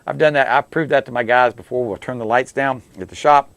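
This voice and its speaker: A man's voice: medium pitch, brisk, fairly bright tone, no echo. Folksy, plain-spoken car repairman. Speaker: radio show host, auto technician. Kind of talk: call-in radio car advice.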